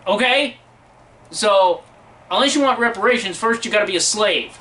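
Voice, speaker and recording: Swearing, ranting man, bright voice. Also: sits high, animated, brisk, recorded from a distance, poor audio. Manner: aggressive, swearing, mocking. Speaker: vlogger. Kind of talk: profane angry rant.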